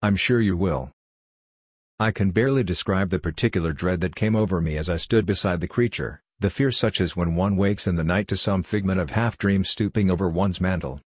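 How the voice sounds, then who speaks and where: A man narrating a scripted horror story in a measured, solemn first-person telling. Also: low-pitched, husky, no echo, studio quality.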